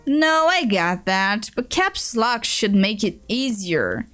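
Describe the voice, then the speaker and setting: A woman's voice: mid-range voice, very animated, slow pace, few pauses, fairly bright tone, soft background music. A woman streamer reading a web comic aloud in English, with dry, teasing narration. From Brazil.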